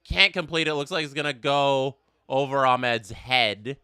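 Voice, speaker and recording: A young man hosts a casual live watch-along, calling the match for his viewers, chatting, reading chat aloud and bursting with excitement on big plays. His mid-range voice is clear and resonant at a moderate pace, recorded studio quality with no echo.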